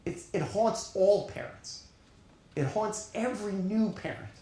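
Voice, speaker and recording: A middle-aged man with a New York accent delivers a conference keynote, his voice sitting on the higher side. He speaks earnestly, leaning on words and pausing between phrases. The sound is heavily echoey, with the reverb of a big hall. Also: expressive, mellow. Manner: earnest, emphatic, with deliberate pauses.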